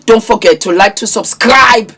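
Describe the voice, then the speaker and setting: A middle-aged woman vlogger delivers impassioned, preachy social media commentary, scolding a man directly. Her voice is a little high, somewhat bright and husky, and she speaks at a normal speed.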